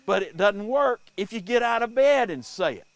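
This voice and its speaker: A man telling folk tales and superstitions to a live audience in an unhurried, animated way. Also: sits high, creaky, no echo. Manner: unhurried, animated, folksy delivery. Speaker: storyteller.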